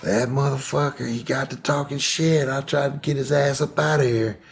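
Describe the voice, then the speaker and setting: A man's voice: mid-range voice, fairly even intonation, a little fast, darkish tone, slight background noise, voice pushed up, close to an everyday voice. A man voicing his feisty, foul-mouthed older aunt in a brash, drawling way. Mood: indignant.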